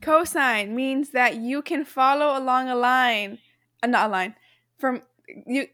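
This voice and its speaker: Brief: giggly woman co-host, high and bright, dry close sound, casual slangy banter. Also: measured pace, dry recording. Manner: giggly, laughs often, playful slang. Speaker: podcast co-host. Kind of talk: casual chat.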